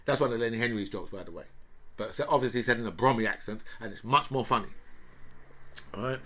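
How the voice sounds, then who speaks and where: A man's voice: mid-range voice, fast talker, long pauses, fairly bright tone. Rambling, exasperated male commentator. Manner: rambling and exasperated, with constant tag questions. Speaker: host of a political commentary show. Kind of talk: casual political commentary monologue.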